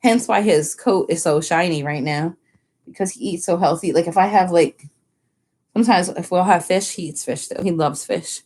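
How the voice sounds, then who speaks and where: A woman talks in a loose, rambling way, scattering fillers as she live-streams from her home. Her voice sits a little low for a woman. It is relaxed, unscripted chat. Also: moderate pace, husky. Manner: chatty, rambling, many "like" fillers; slips into high baby talk with her dog. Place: family home.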